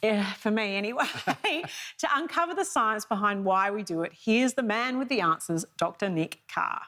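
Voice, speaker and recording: A woman's voice: mid-range voice, lively intonation, moderate pace, pushed and bright, slight background noise. An Australian woman co-hosting a TV lifestyle show in chatty, light banter, laughing easily. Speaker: TV co-host.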